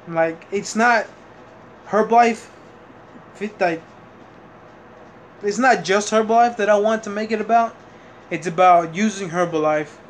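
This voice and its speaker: High-voiced young man rambling casually. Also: slight background noise. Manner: casual, meandering, with fillers and self-corrections; occasional swearing. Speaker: vlogger. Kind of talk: rambling personal story.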